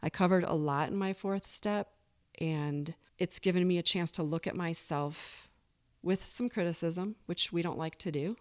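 A woman's voice: fairly low pitch, moderate pace. A woman guest on a recovery podcast, speaking earnestly and openly, sometimes acting out her own past thoughts. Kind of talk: candid recovery interview.

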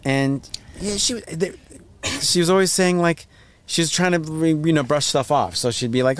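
A man, the guest on a casual podcast, talking in a rambling way and jumping his pitch up when he acts out voices. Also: normal speed. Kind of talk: casual chat.

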